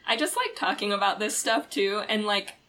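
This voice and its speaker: This is a woman co-hosting a podcast, chatting casually and excitedly with plenty of fillers. A faint hiss of noise sits under her voice. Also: medium pitch, normal speed. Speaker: podcast co-host.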